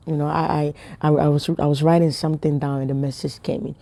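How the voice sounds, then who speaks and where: Woman, low mellow voice, casual preacher, keeps hammering rhetorical questions. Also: steady tone, a little fast, gravelly, hardly any pauses. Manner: playful, joking asides. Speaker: online preacher. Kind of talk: casual spiritual message to camera.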